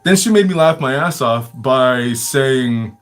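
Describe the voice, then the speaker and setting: Medium-pitched man in a casual livestream, loose and rambling, swears freely, leans on filler words and laughs often. He sounds like he is chatting off the cuff rather than reading a script. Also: animated, slow pace. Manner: rambling and profane, many fillers. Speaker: livestream storyteller. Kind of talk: casual storytelling chat.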